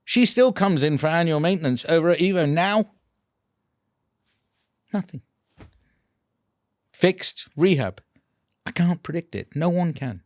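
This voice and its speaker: A man, a dental implant clinician telling a patient story in a casual, animated way, laughing often. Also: on the high side, a little slow, long pauses, dry recording, studio quality.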